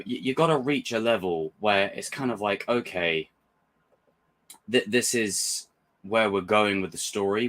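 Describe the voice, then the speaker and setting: A man hosting a reaction video, talking in an excitable, rambling way with frequent restarts and swearing. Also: lowish voice. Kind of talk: casual reaction commentary.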